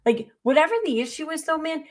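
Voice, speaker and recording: A woman's voice: high-pitched, quick pace. A woman streamer giving casual reaction commentary, blunt, sarcastic and profane, rambling as she reacts to clips.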